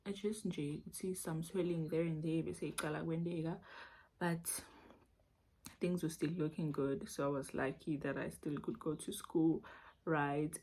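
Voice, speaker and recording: Husky South African woman, near tears. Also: low voice, warm tone. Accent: South African, Zulu-mixed English. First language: Zulu. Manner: confiding, emotional, mixes Zulu into English. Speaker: vlogger. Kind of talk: casual storytime vlog.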